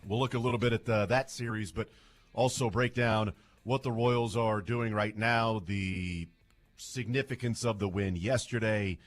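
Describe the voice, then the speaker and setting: A man's voice: lowish voice, fairly even intonation, measured pace, soft background music. A man hosting a sports radio show, chatty and playful as he jokes with his co-hosts. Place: radio studio.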